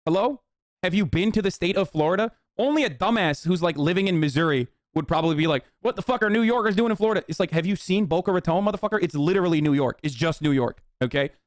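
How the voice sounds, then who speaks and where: A man's voice: on the high side, fast, no room sound, studio quality. A man casually riffing as a streamer, reacting to posts with mocking, profane commentary.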